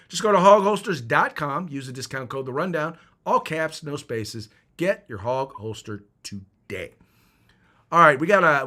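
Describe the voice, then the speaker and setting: A man's voice: fairly high pitch, sharp tone. A man hosting a political commentary podcast, talking emphatically and often restarting his sentences. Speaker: podcast host.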